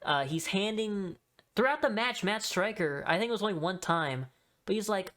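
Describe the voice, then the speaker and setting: A man's voice: high-pitched, expressive, measured pace, a bit bright. A man hosting his own podcast, talking through a recap in a loose, rambling way, full of fillers and offhand swearing. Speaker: podcast host. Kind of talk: casual solo podcast recap.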